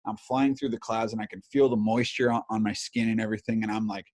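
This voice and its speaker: Swearing, animated man in his thirties. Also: fairly low pitch, fast talker. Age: 30s. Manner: animated, swears a lot, many fillers. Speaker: podcast host. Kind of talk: casual storytelling chat.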